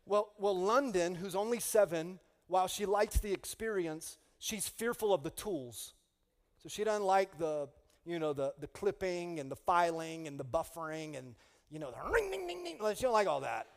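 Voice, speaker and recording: A man's voice: high-pitched, normal speed. A middle-aged male pastor preaching a humorous sermon, telling stories with comic energy and calling out to the congregation. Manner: animated, comic, with rising call-outs to the congregation. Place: church sanctuary. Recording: long reverb of a large hall.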